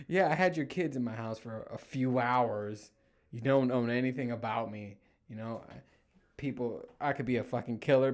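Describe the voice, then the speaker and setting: A man in his thirties hosting a casual solo podcast from a room in his home, telling stories with lots of swearing and acting out what people said. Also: mid-range voice. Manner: animated storytelling, heavy swearing, acts out quotes. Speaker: podcast host.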